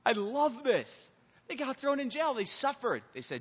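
A man's voice: high voice, fairly quick, breathy edge. A man preaching a sermon to teens as a youth pastor, acting out the people in his stories. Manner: animated storytelling, acts out the people in the story. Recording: muffled sound with long hall reverb.

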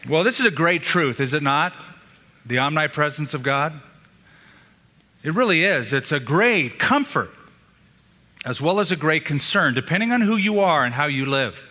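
A man's voice: on the high side, expressive, normal speed, pauses often, sharp tone. A male pastor preaching a sermon in an earnest manner, asking rhetorical questions of his listeners. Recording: long hall reverb.

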